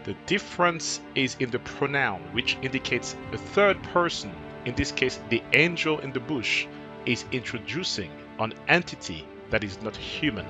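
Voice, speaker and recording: A man giving scripted narration for a teaching video, measured and explanatory, with his voice slowing on key words. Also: mid-range voice, animated, over music. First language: not Twi.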